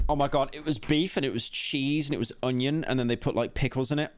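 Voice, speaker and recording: A British man streaming, reacting to a video with rambling, animated casual commentary, full of tangents and stammered restarts. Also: mid-range voice, fast, few pauses. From England.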